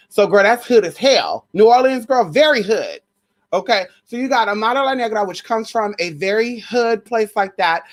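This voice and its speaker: Brash, profane woman ranting sassily. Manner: brash, profane and sassy, with pet names; mocks others in a shrill high voice. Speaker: vlogger. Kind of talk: casual gossip rant.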